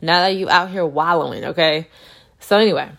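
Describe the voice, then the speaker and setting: A woman's voice: deep voice, a little fast, gravelly. Earnest woman giving a faith pep talk. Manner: earnest, animated, acts out quotes. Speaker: christian vlogger. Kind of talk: casual encouraging faith talk.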